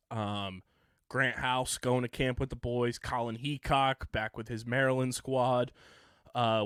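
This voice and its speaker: A man's voice: mid-range voice, a bit bright, clean tone, no echo, studio quality. A young man co-hosting a sports podcast, chatting casually and running through lists of names with lots of fillers. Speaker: podcast co-host.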